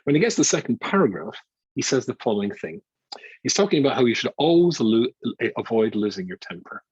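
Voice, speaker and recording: A man's voice: mid-range voice, big pitch swings, quick pace, darkish tone, breathy edge, no room sound, muffled recording. An older man from Scotland, a rabbi giving an informal, chatty Torah lecture with wry self-mocking asides.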